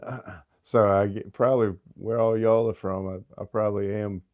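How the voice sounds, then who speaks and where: A man from Virginia with a light Southern accent, chatting casually with viewers on his livestream in a relaxed, halting way, often restarting and clearing his throat. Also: lowish voice, no room sound, lo-fi sound. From Virginia, USA. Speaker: livestream host.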